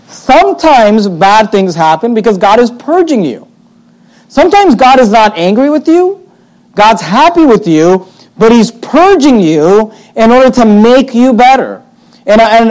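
Guy preaching, pretty high voice, leans hard on his points, reads old bible verses out. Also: darkish tone, low-quality recording. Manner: emphatic, repeats points, reads old scripture aloud. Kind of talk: sermon.

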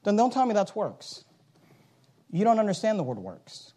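A man preaching a sermon, reading scripture aloud and swinging from quiet asides to loud, slowed-down emphasis. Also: high-pitched, wildly swooping pitch. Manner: reads King James scripture aloud, slowing for emphasis.

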